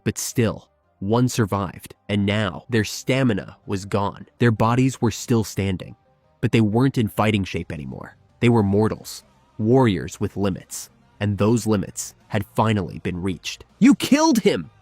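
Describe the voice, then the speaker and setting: A man narrating a dramatic fan-made story, slow and emphatic with weighty pauses. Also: lowish voice, expressive, darkish tone, dry recording. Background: faint background music.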